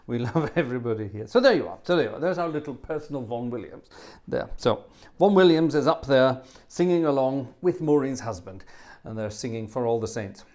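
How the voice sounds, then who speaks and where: A man's voice: mid-range voice, animated, brisk, mellow. A middle-aged man chatting casually between pieces as host of his own live organ stream, rambling and joking. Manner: chatty, rambling, jokey asides.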